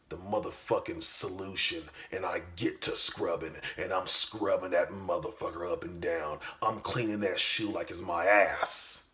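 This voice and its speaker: A young man telling a comic story, profane and boastful with a deadpan delivery. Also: sits low. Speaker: comedy vlogger.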